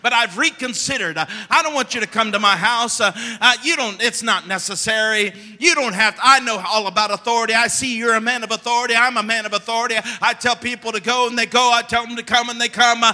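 A man preacher voicing a confident male Roman officer in a hurried, matter-of-fact retelling. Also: very high-pitched, pushed and bright, in a large hall, voice pushed up, heavily acted. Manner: brisk, rushed explaining.

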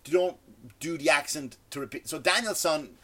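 A man's voice: a little high, brisk, sharp tone. Rambling, stammering man in a sarcastic rant. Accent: non-American English. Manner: rambling, stammers and restarts often; sarcastic, mocking. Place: indoors, seated in a chair.

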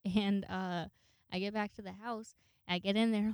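In a steady, smooth, mid-range voice with a darkish tone, a young woman in her twenties rambles at a moderate pace through a casual monologue, cursing often and imitating the voices of people in her story. The recording is dry and cleanly studio-made.

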